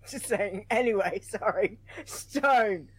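A woman's voice: mid-range voice, drawn-out words, slightly rough, poor audio. A woman co-hosting a gaming podcast in casual chat, giggling often and thanking listeners. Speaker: podcast co-host.

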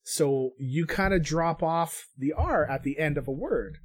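A man's voice: a little high, animated, unhurried, no room sound, studio quality. A man co-hosting a casual podcast, joking around while reading out rankings. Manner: jokey, playful.

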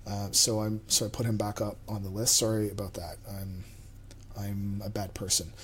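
A man's voice: lowish voice, little pitch movement, normal speed, a bit bright, slightly rough. A man hosting a podcast, talking in a loose, casual way. He rambles and often pokes fun at himself. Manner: rambling and self-deprecating. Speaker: podcast host. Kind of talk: casual chat.

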